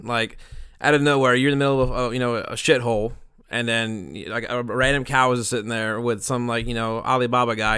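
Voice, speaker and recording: A man's voice: medium pitch, pushed and bright, smooth, no echo, clean studio sound. A young man producing a podcast, wrapping up the show in a rambling, crude, joking way with lots of fillers. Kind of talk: casual podcast chat.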